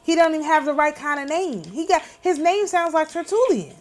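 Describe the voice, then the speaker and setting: High-voiced woman ranting indignantly. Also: lively intonation, fairly quick. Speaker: channel host. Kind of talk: casual vlog commentary.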